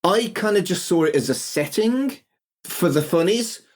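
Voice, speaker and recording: Lively, sweary man in his forties. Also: high-pitched, moderate pace. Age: 40s. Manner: sweary, self-mocking, animated. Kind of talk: casual podcast chat.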